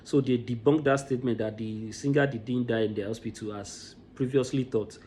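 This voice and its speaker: Man, vlog commentary, emotional, repeats himself, mid pitch. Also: steady tone, normal speed, darkish tone, slight background noise. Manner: emotional, repeats words as he restarts. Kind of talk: impassioned commentary.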